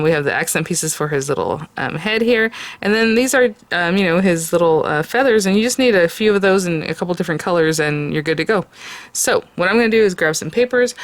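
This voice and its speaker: A woman hosting a craft video, chatting casually with many fillers as she shows supplies. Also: low voice. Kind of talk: casual product review and tutorial.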